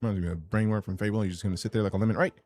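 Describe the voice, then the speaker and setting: A man from Chicago, United States, streams a space game, rambling casually with jokes and profanity. His voice is lowish and a little mellow, with fairly even intonation and a rapid-fire delivery.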